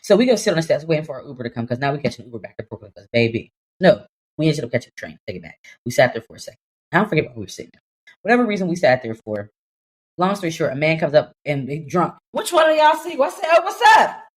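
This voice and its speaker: A young adult woman co-hosting a podcast, telling a story in casual chat, animated and laughing, slipping into voices for the people in it. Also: low voice, very fast. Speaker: podcast co-host.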